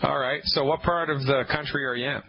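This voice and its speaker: A man's voice: medium pitch, steady tone, brisk, creaky. A man hosting a call-in health radio show as a doctor, giving folksy, joking advice to callers. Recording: dull lo-fi radio recording.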